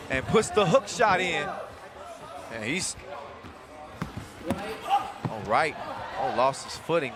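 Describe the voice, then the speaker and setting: A man calling a basketball game live, with a slightly high voice and a loud crowd roaring behind him. He talks fast and cracks jokes between plays, and his voice jumps up on the big moments. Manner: quick, jokey, excitable calls. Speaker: play-by-play commentator.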